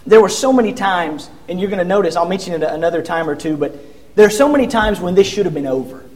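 A man preaching a sermon, retelling scripture in vivid storytelling with frequent restarts and acting out the quoted figures. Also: high-pitched.

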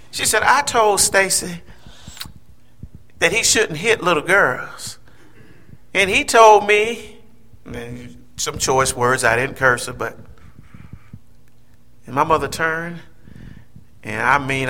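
A man in his fifties telling a personal childhood story, acting out the voices of the people in it. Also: a little high. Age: 50s. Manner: animated storyteller, acts out quoted voices.

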